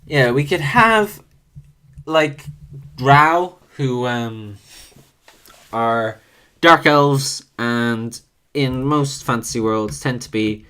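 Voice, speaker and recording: A man thinking aloud in a halting, musing way as he rolls dice and invents characters for a video. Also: mid-range voice, lively intonation, bright, forceful tone, clean tone. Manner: musing, halting, self-correcting. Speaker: video creator.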